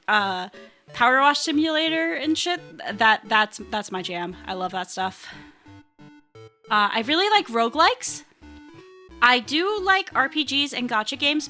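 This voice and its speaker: Giggling and chatting with her audience, a young VTuber introduces herself playfully at a desktop microphone. English is her first language, and she speaks in a bright, pushed, high voice.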